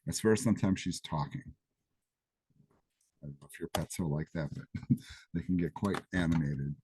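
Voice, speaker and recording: His pitch extremely low and his voice mellow and husky, a programming instructor from Greece speaks at normal speed during a live class. He demonstrates code in a classroom or office, keeping things chatty and casual, with frequent asides.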